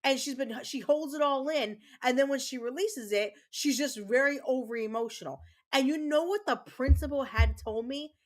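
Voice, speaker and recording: Gaming live, a mother vents her anger to her chat, cursing and saying the same things over and over. She speaks at normal speed in a high voice with few pauses.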